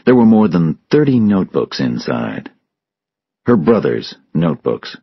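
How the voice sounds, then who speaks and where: Deep, slow male audiobook reader, husky, lively pitch; muffled dry recording. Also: no room sound. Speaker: audiobook narrator. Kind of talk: scripted story narration for English learners.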